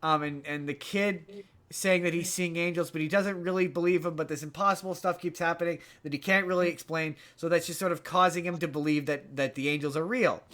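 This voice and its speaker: A man's voice: a little high, steady tone, brisk, a bit bright. A man hosting a podcast, casually retelling a movie plot in a rambling way, with lots of restarts. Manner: rambling, many restarts, puts on character voices in retellings. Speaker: podcast host.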